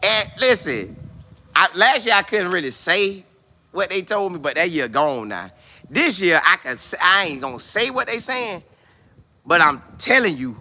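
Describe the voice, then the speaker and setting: A man vlogging outdoors with no studio, talking sports in an excitable, repetitive way full of preacher-like exclamations. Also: high voice. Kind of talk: casual hyped-up monologue to camera.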